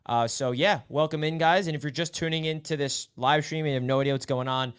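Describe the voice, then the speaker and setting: A man's voice: fairly high pitch, quick pace, a bit bright, clean tone. A man hosting a live sports podcast stream, casually explaining and welcoming callers. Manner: upbeat, explanatory. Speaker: podcast host.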